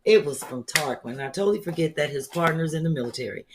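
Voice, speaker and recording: Lively lady comedian hosting a show, chatty and slangy, laughs a lot, faint hiss behind her. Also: low voice, fast talker. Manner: animated storyteller, laughs often, casual slang. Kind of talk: casual comedic chat.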